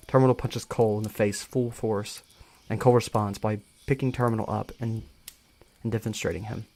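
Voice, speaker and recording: A man with a fairly low voice reads a fan story aloud on a live stream. He keeps it casual, tripping over words now and then and going back to reread them. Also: a little mellow, dry recording. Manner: casual, stumbles and rereads lines. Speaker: story reader.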